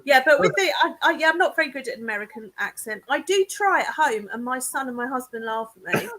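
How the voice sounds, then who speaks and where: A woman's voice: sits high, expressive, fast talker, bright, forceful tone. An English woman on a casual video chat, chatty and teasing, laughing often. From England. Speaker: guest clairvoyant.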